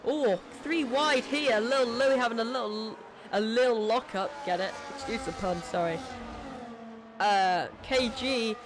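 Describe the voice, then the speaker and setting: This esports racing commentator, in a mid-range voice, narrates a live race in a chatty way, putting themselves down and apologising readily. Their voice is giving out, and background noise can be heard.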